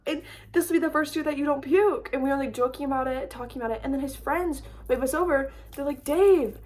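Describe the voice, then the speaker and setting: A young woman telling a storytime vlog story in a chatty, animated way, full of "like". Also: high-pitched, quick pace. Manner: chatty, lots of "like", animated retelling. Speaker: storytime creator. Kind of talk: casual storytime chat.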